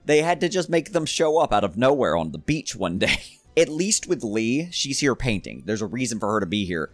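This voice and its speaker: A man's voice: mid-range voice, very animated, a little fast, dry recording. A man from the American South doing sarcastic, profane comedic commentary as a video reviewer. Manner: sarcastic, profane, laughs often.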